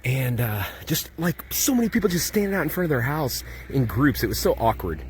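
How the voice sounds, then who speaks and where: A man's voice: mid-range voice, sing-song, brisk. A man narrating a casual travel vlog while walking up a steep road outdoors, thinking aloud and out of breath. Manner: chatty, thinking aloud while hiking uphill. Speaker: travel vlogger. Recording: outdoor ambience and background noise.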